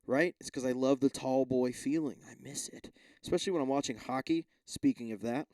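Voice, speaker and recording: A man's voice: mid-range voice, fairly quick, darkish tone. A man hosting a podcast alone, rambling casually with lots of swearing, restarts and asides. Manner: rambling, profane, self-interrupting. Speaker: podcast host. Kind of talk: casual solo rant.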